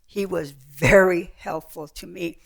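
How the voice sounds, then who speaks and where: Speaking slowly in a fairly low voice with vocal fry, an older woman delivers an author's talk to an audience in a heritage center event room. She tells travel stories over slides, lively and animated, putting on voices for the people she encountered.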